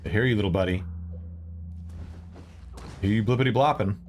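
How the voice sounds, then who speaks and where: A man's voice: lowish voice, normal speed, slight background noise. A man streaming a video game, chatting casually with viewers in a rambling way, swearing and exclaiming at what happens on screen. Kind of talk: casual live-stream chat while gaming.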